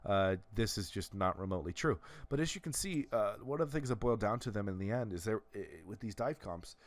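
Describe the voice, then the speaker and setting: A man's voice: lowish voice, animated, brisk. A man giving casual, analytical commentary over video game footage, often restarting and filling with "uh.". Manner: analytical, lots of restarts and fillers. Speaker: gameplay commentator.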